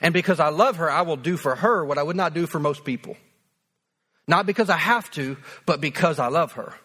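A man's voice: fairly high pitch, fairly quick, pushed and bright, husky. A man in his thirties preaching a sermon as pastor, earnest and conversational, repeating phrases for emphasis.

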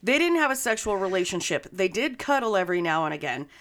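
A woman's voice: medium pitch, very animated, fast, fairly bright tone. A woman co-hosting a podcast, telling a true-crime story in a casual, profane, joking way. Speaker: podcast co-host.

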